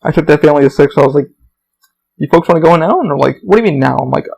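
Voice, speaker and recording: Young male podcast host, gravel in the voice, slightly high-pitched, loose and profane, rambles and mimics people. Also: expressive, rapid-fire, darkish tone, poor audio. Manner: profane, rambling storytelling with many fillers; acts out quoted people in raised voices. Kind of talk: rambling solo podcast monologue.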